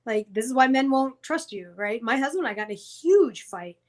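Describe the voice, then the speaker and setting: A woman with a fairly high voice co-hosting a casual podcast discussion. She speaks bluntly and with heavy emphasis, swearing freely as she makes her points. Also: lively intonation, brisk. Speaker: podcast co-host.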